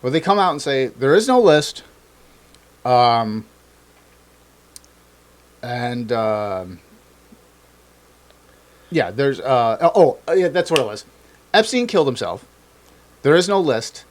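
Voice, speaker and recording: A man of middle pitch co-hosts a loose political chat. He talks with animated energy, swears freely and slips into voices to mimic the people he quotes. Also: takes it slowly, long pauses. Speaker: co-host.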